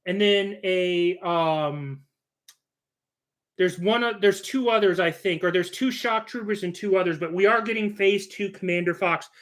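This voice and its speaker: A middle-aged man talks casually to his live-stream viewers, rambling and joking as he goes. His voice sits high and sounds bright and forward. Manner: rambling and joking, with frequent restarts.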